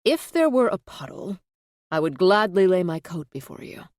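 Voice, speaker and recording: A woman's voice: fairly low pitch, very animated, normal speed, a little mellow, dry recording, clean studio sound. A woman narrator reading the lines of a courteous, cheerful male marshal, barely changing her own voice. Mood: gallant.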